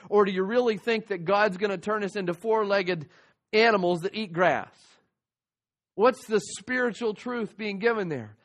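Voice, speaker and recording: A man's voice: high voice, normal speed. Man preaching an earnest morning sermon. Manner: earnest teaching, reads scripture aloud. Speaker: pastor.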